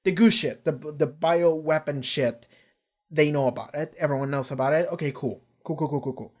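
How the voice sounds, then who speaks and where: A man hosting a live reaction stream, recapping an episode in a rambling, excitable way, swearing casually and acting out characters' lines. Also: on the high side, moderate pace. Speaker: reaction channel host.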